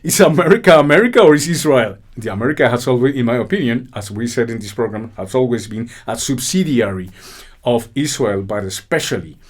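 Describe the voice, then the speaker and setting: A man from Colombia, delivering an angry, indignant political monologue peppered with swearing. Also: mid-range voice. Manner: loud, indignant, swearing, with mocking laughs. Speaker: political commentary host.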